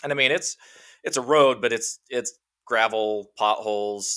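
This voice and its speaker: Bright-voiced man telling a rambling story. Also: lowish voice, normal speed. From Washington state. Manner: rambling, animated anecdote with many fillers. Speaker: guest. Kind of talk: casual storytelling.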